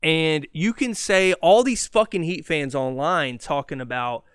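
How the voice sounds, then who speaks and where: A man hosting a solo sports podcast, ranting in an excitable, fast and profane way. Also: a little high, clear, resonant tone, dry recording, studio quality. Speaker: podcast host.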